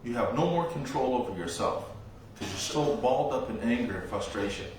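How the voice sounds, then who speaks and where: Male monk teacher, calm unhurried storytelling sermon, recorded far from the mic in a boomy room with faint noise. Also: heavy reverb. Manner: slow, reflective storytelling with long pauses. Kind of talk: dharma talk.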